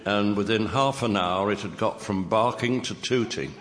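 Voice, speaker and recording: A man on a comedy panel show delivering one-liners slowly and deliberately. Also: lowish voice. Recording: roomy theatre with loud background noise.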